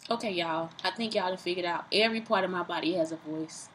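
A woman talking casually and profanely into her phone camera, lively, self-mocking and rambling. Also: fairly low pitch, fast, slight background noise, rough recording. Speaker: vlogger. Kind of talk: casual vlog monologue.

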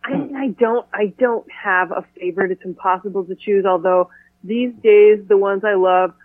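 A woman speaking as an actor guest in a casual interview, chatty and playful with quick asides. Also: medium pitch, fairly even intonation, dry recording. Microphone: telephone. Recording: tinny dry phone line.

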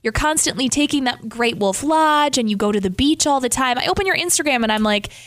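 Lively, emphatic woman chatting. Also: high voice, brisk, dry recording. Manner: animated, emphatic, swears casually. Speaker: co-host. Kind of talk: casual chat.

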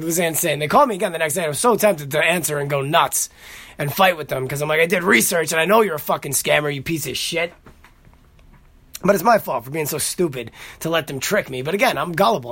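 A man's voice: fairly high pitch, no room sound. A man hosting a podcast, talking casually and profanely, getting heated as he tells a story. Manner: profane, animated storytelling, heated when retelling. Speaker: podcast host. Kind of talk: casual solo podcast rant.

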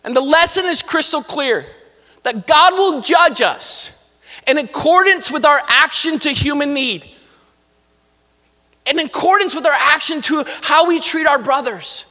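A man's voice: very high voice, lively intonation, unhurried, pushed and bright. A man pastor preaching a sermon in a church, talking to the congregation with casual asides. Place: church sanctuary. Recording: long hall reverb.

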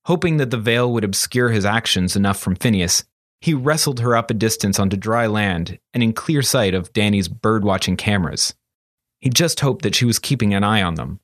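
Expressive male audiobook narrator. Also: on the low side, no echo, clean studio sound.

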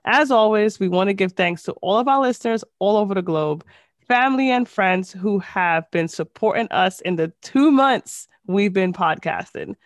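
A woman's voice: mid-range voice, expressive, normal speed, no room sound. A woman with a nasal voice co-hosting a casual podcast, chatty and storytelling, recorded over a headset on a video call. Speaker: podcast co-host.

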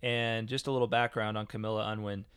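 A man's voice: lowish voice, level tone, fast, fairly bright tone, clean tone, no room sound, clean studio sound. A man co-hosting a podcast, chatting casually with lots of fillers and restarts. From United States. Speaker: podcast co-host. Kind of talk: casual chat.

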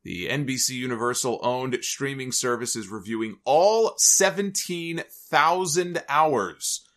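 A man hosting a podcast tells a story in casual commentary, wandering into joking asides and restarting his sentences. His pitch sits mid-range for a man. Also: lively intonation, unhurried, fairly bright tone. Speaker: podcast host.

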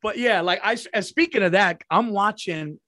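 A man's voice: high-pitched, moderate pace, bright, forceful tone, no echo, studio quality. A middle-aged man co-hosting a podcast, chatting casually and profanely, laughing often, and reading an ad in between. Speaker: podcast co-host. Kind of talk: casual podcast chat with ad read.

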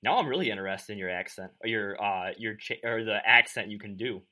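Playful male interview host with a sharp, bright tone. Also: lowish voice, a little fast. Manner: playful, easily sidetracked. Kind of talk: casual interview.

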